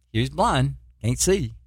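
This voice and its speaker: A man's voice: mid-range voice, expressive, slow pace, slightly rough, dry recording, studio quality. A man preaching an informal sermon in a plain, earnest way, often restarting his sentences. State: eye pain, poor sleep.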